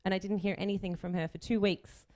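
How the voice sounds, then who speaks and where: An Australian woman in her thirties stands up as chief bridesmaid to give a wedding speech. She sounds nervous yet keeps joking at her own expense, at a middle pitch. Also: steady tone, fast, warm tone. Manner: nervous, self-mocking, joking.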